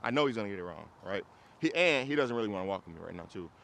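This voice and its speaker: A man leading an outdoor dog training class, explaining casually, checking that students follow and breaking into loud, high praise for the dog. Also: lively intonation, very fast, gravelly, a little hiss or hum. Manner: casual, explains with repeated checks like "you get what I'm saying". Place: outdoors in a city.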